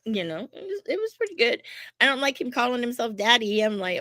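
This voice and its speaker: A woman's voice: mid-range voice, normal speed, no room sound. A woman co-hosting a wrestling podcast, talking bluntly and swearing freely in casual chat. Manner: blunt, profane, animated asides. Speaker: podcast co-host.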